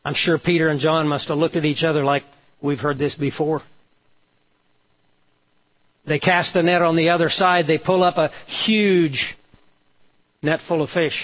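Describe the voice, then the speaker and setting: Pastor guy telling a bible story in a sermon, kinda high voice, dull lo-fi sound. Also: little pitch movement, unhurried, pauses often. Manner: storytelling preacher, voices quotes with emphasis.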